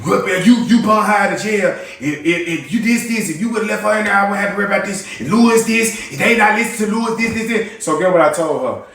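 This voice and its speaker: Young guy arguing, high-ish voice, keeps repeating himself and cussing, super echoey room, far from the mic. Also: animated, a bit bright, slight background noise. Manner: fast, repetitive, swearing, quotes others in put-on voices. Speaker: livestream host. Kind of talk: heated casual argument.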